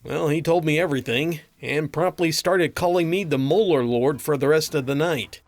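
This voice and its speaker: A man's voice: a little high, moderate pace, no echo. A man narrating a string of funny doctor and patient stories, with a dry comic delivery. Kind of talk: reading funny anecdotes aloud.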